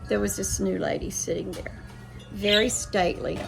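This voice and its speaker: A woman's voice: mid-range voice, moderate pace, gravelly, over music. A middle-aged woman who hosts a casual chat, telling a rambling story full of quoted dialogue. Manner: chatty, rambling, with many restarts and quoted dialogue. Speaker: host.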